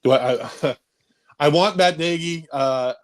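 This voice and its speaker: A man calling into a live show, chatting casually and hesitantly with many pauses. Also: a little high. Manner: rambling, hesitant, lots of uhs. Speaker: caller. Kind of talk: casual call-in chat.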